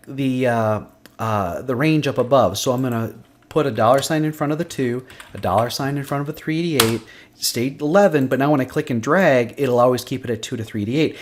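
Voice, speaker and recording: A man's voice: medium pitch, slight background noise. A man teaching a screen-recorded spreadsheet lesson, thinking aloud and muttering to himself as he works. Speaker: instructor. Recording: faint clicking and typing behind.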